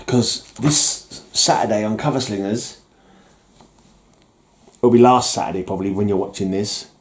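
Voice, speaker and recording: A man's voice: medium pitch, darkish tone. Rambling man chatting about comics. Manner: rambling, jokey, self-mocking with mock-villain bluster. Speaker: comic collector vlogger. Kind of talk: casual chat.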